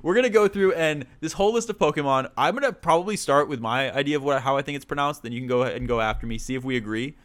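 Laughing, animated young man. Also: mid-range voice, racing, hardly any pauses. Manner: laughing, animated, swears casually. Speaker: podcast co-host. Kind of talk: casual chat.

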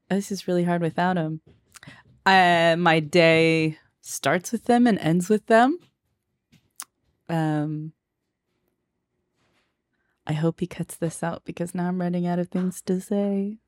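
A woman's voice: fairly low pitch, slow, long pauses, clean tone. A young adult woman co-hosting a podcast, chatting playfully and a little hesitantly. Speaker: podcast co-host, music teacher. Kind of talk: casual chat.

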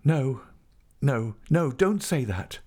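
A man's voice: lively intonation, slow pace, dark tone, breathy edge. Guy putting on a young woman, pleading and upset, voice jumps around a lot. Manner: pleading, higher, earnest.

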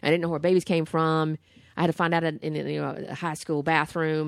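A woman co-hosting a podcast in casual chat, blunt, profane and animated. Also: low-pitched, a little fast, creaky, no room sound, studio quality. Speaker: podcast co-host.

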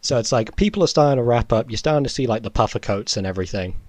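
A man's voice: mid-range voice, animated, very fast, no echo. A young man, co-hosting a podcast and telling a school story in casual chat, often laughing and correcting himself mid-sentence. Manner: rambling, laughing, self-correcting. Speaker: podcast co-host.

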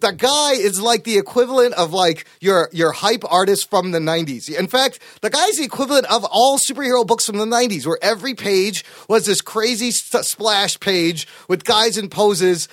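A man co-hosting a casual podcast chat, animated, profane and emphatic. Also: high-pitched, normal speed, few pauses, no echo, clean studio sound. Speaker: podcast co-host.

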